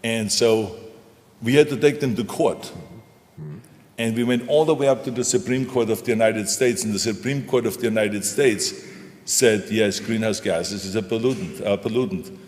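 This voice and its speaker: A man's voice: fairly low pitch, moderate pace, a little mellow. Emphatic older man in a reverberant hall. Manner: emphatic, folksy, repeats punchy phrases. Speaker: guest speaker, former governor. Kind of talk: onstage conversation. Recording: echoey hall.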